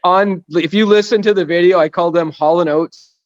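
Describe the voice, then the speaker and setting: A man's voice: sits high, steady tone, normal speed, dry recording, highs cut off. A man in his fifties, a guest racing driver on a casual podcast, telling stories in a rambling, self-deprecating way. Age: 50s.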